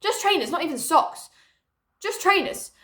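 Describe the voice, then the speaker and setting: A young woman tells stories from her childhood straight to camera, her voice pitched high. She chats loosely and swears freely, breaking off for cheeky asides. The sound carries an echo from the room at home. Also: expressive, moderate pace, fairly bright tone. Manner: sweary, chatty, jokey asides, mimics her mum. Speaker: vlogger. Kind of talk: casual storytime chat. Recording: echoey room.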